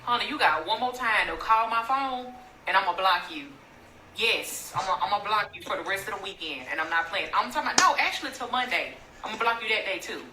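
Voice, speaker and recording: A woman's voice: medium pitch, animated, a little fast, close to an everyday voice. A woman in a comedy skit playing a bossy, sassy boss who runs a wrestling locker room. She scolds, drawls and talks in slang. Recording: echoey room with clear background noise.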